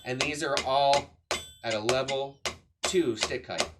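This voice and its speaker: A man gives a relaxed drum lesson, counting beats out loud as he plays. His voice sits at an ordinary middle pitch. There is steady background noise with stick clicks behind him. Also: unhurried. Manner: patient, counts beats aloud while demonstrating. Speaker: drum teacher. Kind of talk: casual instructional explanation. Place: room with a drum kit.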